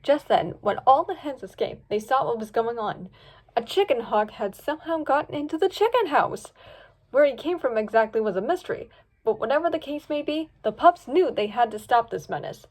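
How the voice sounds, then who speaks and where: Lively woman reading a story aloud. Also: normal speed. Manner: lively, voices each pup and hawk with pitch jumps. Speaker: fanfiction reader. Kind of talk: storybook read-aloud with character voices.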